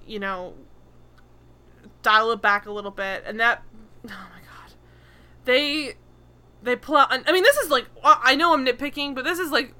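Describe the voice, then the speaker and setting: Bright-voiced woman recapping a show. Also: fairly high pitch, smooth. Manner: animated, laughing, exasperated retelling. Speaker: podcast co-host recapping a sitcom. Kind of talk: casual chat.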